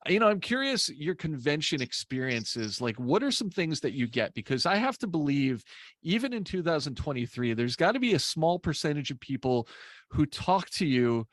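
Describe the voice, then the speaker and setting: A man's voice: fairly high pitch, big pitch swings, normal speed, no room sound, studio quality. A man hosting an interview, upbeat and eager as he reads out questions. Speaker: host.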